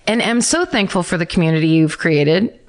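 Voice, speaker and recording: A woman's voice: on the low side, sing-song. A middle-aged woman co-hosting a podcast, chatting loosely, laughing easily and reading listener letters aloud. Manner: chatty, rambling, quick to laugh. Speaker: podcast co-host.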